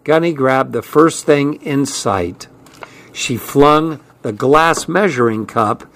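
A man reading a first-person story aloud as an audiobook narrator, with steady storytelling delivery. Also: medium pitch, slow. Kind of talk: scripted narration.

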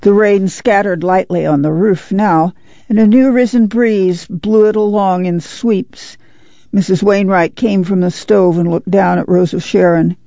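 Gravelly woman reading a novel. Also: mid-range voice, steady tone, a little slow, dark tone, dry recording, dull audio. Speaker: audiobook reader. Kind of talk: audiobook reading on radio.

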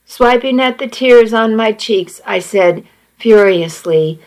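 A woman's voice: a little high, slow pace, a little mellow, low-quality recording. A woman narrating a first-person story in a plain, earnest reading voice.

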